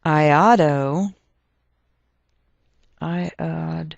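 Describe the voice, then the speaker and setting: A woman's voice: sits low, moderate pace, no room sound, muffled recording. A woman teaching a chemistry lesson, chatty and thinking aloud as she works through problems. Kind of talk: recorded chemistry lecture.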